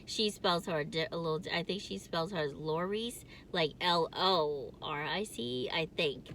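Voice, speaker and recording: A woman's voice: low-pitched, unhurried, a bit bright, a little hiss or hum. A woman vlogging from her car in casual chat, with a distinctive nasal voice, rambling and laughing often.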